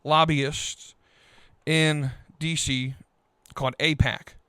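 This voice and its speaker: A man hosting a podcast, venting in a frustrated, halting political rant full of restarts. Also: fairly high pitch, level tone, fairly bright tone, smooth, dry recording, studio quality. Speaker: podcast host.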